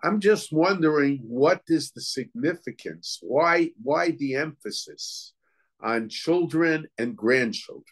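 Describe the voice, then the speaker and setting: A man's voice: on the high side, lively intonation, slow. A man teaching as a rabbi in a Torah lecture. He reasons aloud, asks questions, and often halts to search for words and restart.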